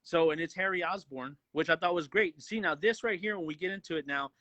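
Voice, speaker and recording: A man co-hosting a casual movie review podcast, talking excitedly with lots of swearing and acting out lines. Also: fairly high pitch, brisk, dry recording, highs cut off. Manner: excited, profane, acts out quotes.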